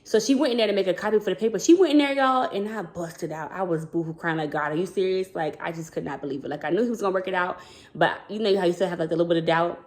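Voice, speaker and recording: A woman's voice: fairly low pitch, racing, darkish tone. A woman who works as a school counselor telling a personal story to her viewers in a casual, rambling way, often calling them "y'all". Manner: chatty, rambling, addresses viewers as "y'all", acts out quoted dialogue.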